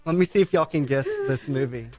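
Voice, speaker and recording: A man's voice: medium pitch, quick pace, loud music behind the voice. A man, a guest on a radio show, laughing and joking about himself. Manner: laughing, self-deprecating. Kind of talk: casual chat.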